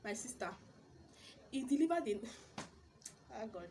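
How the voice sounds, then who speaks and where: A young woman with a Nigerian accent telling her business stories in a casual vlog, animated, exclaiming and repeating words for emphasis. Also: fairly high pitch, a little slow, slight background noise. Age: young adult. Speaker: vlogger.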